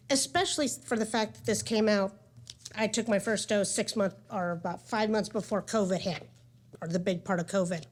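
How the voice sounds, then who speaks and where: Woman in her forties, conference speaker sharing a personal story, candid and chatty, mid-pitched voice. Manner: candid and conversational, with many "um" and "like". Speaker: patient speaker at a medical conference. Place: conference session room.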